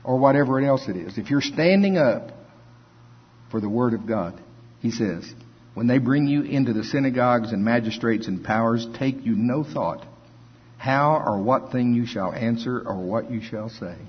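A male preacher gives a conversational sermon, reading scripture aloud and chuckling between points. His husky, medium-pitched voice is expressive and moves at a normal speed, though the recording sounds dull and lo-fi.

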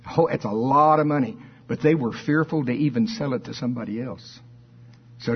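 A man preaches with fervor, his voice husky and a little breathy at mid pitch. He reads scripture with heavy emphasis and throws questions out to his listeners. The recording sounds dull and muffled. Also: fairly quick. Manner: fervent, emphatic preaching with call-and-response questions. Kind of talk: sermon.

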